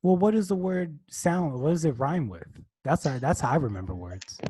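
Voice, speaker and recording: A man's voice: on the high side, animated, normal speed, dark tone, slight background noise. A young man casually retelling a movie on a podcast, rambling and restarting his sentences. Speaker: podcast co-host. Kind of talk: casual chat.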